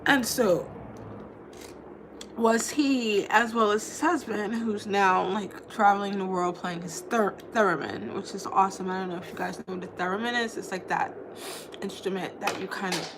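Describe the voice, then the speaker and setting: A woman's voice: mid-range voice, steady tone, moderate pace, noisy background. A woman in her thirties chatting casually to her vlog viewers, rambling and playful, with lots of "like" and restarts. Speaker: vlogger.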